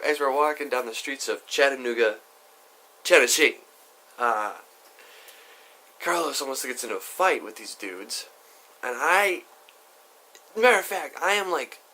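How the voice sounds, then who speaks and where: A man's voice: medium pitch, pushed and bright. A young man telling a story on his vlog in a chatty, rambling way, full of asides. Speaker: YouTuber.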